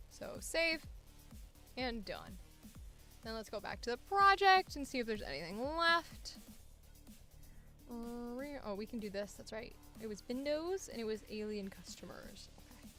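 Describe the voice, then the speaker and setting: A woman's voice: a little high, a bit bright. Chatty young woman talking to her computer. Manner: chatty, mutters to her computer, occasional swearing. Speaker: voice actor. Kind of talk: casual self-talk while working.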